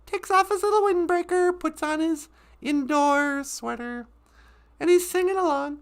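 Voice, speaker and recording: A woman's voice: very high voice, unhurried, long pauses. A woman hosting a casual comedic live stream, playful and giggly.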